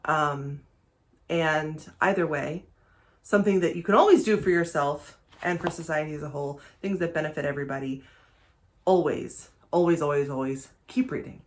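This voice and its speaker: A woman's voice: low-pitched, moderate pace. A young adult woman chatting casually in a vlog about her reading, rambling, self-deprecating and laughing often. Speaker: book vlogger. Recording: echoey room.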